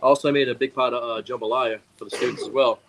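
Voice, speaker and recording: A man's voice: medium pitch, fast, noisy background. A man telling a funny story on a casual talk show, acting out what people said. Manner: animated, laughing storyteller acting out quotes.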